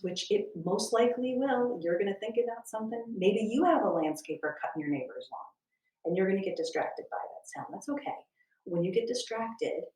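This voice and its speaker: A woman teaching a guided meditation from her home, speaking slowly and softly and drifting into whispers at times. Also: medium pitch. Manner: slow, soft and soothing, drifting into whispers. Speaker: wellness instructor. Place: at home, landscaper heard outside. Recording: roomy, distant from the mic.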